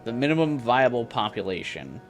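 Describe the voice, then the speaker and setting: Animated man, lively game commentary. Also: mid-range voice, fairly quick, soft background music. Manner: casual and joking, muses aloud over the game's story. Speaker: game streamer. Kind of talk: let's play commentary.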